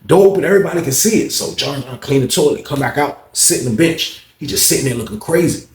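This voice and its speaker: A man telling a story casually, animated and slangy, acting out the people in it. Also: fairly high pitch, fast talker, a little hiss or hum. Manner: animated, slangy, voices characters. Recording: roomy echo.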